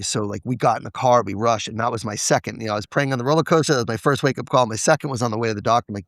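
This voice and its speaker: Guy with a gravelly voice, dry close sound, opening up on a podcast, voices the back-and-forth lines. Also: medium pitch, animated, fast, fairly bright tone, no room sound. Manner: confessional, acts out quoted dialogue. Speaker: podcast guest. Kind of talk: candid personal storytelling.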